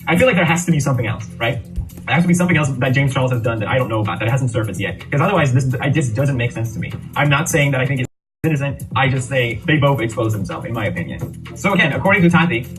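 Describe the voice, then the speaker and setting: Blunt, fast-talking male commentator. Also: medium pitch, animated, a bit bright, far from the mic, soft background music, rough recording. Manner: blunt, critical, sarcastic. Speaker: online commentator. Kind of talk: opinion commentary.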